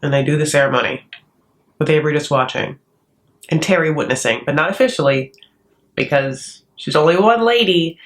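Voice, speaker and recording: A woman's voice: medium pitch, a bit bright. A woman from the United States hosting a reality TV recap in casual, sarcastic commentary. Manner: sarcastic, chatty, does mocking voices for the cast.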